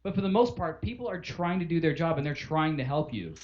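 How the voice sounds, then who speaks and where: A man's voice: a little high, lively intonation, a little fast, a little mellow. A man co-hosting a podcast, ranting profanely and acting out customer phone calls in casual chat. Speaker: podcast co-host. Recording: dull lo-fi podcast audio.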